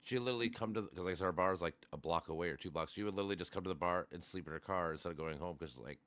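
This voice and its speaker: A man's voice: low voice, rapid-fire, a bit bright, no echo. A man in casual chat, talking in a rambling, profane way with many restarts. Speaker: podcast host.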